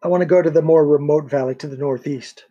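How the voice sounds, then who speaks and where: A determined male agent, read by a male narrator, firm and insistent as he keeps pressing for help. The voice is husky and sits a little high. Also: fairly even intonation, fast talker, dark tone, highs cut off, natural voice. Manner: firm, pleading. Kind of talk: audiobook character voice.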